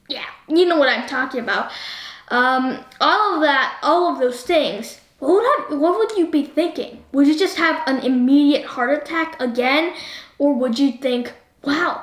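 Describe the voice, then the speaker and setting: A high, bright-pitched woman talks through a movie review, tossing question after question at her viewers. The room around her rings with a noticeable echo. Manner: keeps asking the viewer questions, animated. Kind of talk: chatty video review. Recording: roomy echo.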